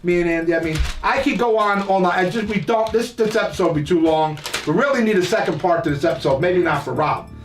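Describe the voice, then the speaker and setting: Profane older New man, high-pitched. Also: fast, hardly any pauses. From New Jersey. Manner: profane, rambling, laughing storyteller. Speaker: podcast host. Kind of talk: casual storytelling. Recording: roomy echo, mic at a distance, faint music.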